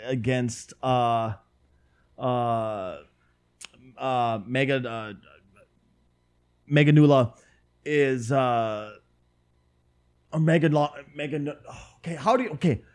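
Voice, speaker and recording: A man's voice: medium pitch, slow pace, pauses often. A man co-hosting a casual podcast, swearing freely and poking fun at his own mispronunciations. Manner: animated, profane, self-mocking. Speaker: podcast co-host. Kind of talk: casual chat.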